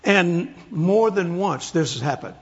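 A man's voice: high voice, lively intonation, a little slow, breathy edge. A man preaching a sermon, telling stories with folksy humor, in an echoey, muffled recording. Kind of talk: storytelling sermon. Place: large hall, speaking to an audience.

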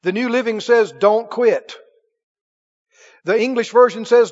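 Pastor, male, high-pitched preaching voice, emphatic call-and-response, muffled hall recording with long reverb. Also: measured pace, darkish tone. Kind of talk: sermon.

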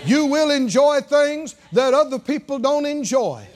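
A man preaching a sermon, drawing answers from his congregation and rising to shouts. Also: extremely high pitch, lively intonation, unhurried.

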